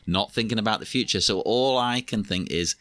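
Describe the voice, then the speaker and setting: Bright-voiced man making dry jokes. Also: lowish voice, brisk, dry recording. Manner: wry, joking asides. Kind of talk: casual chat.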